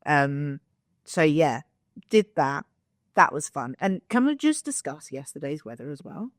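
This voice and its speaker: Speaking a little slowly in a low-pitched voice, a young podcast co-host tells a story over casual conversation. The studio recording is clean with no room sound, and she's animated, performs quotes, and swears freely.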